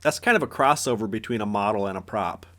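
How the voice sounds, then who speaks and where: A man's voice: on the low side, fast, a bit bright. A man hosting a casual interview, asking a friend friendly, curious questions. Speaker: host, interviewer.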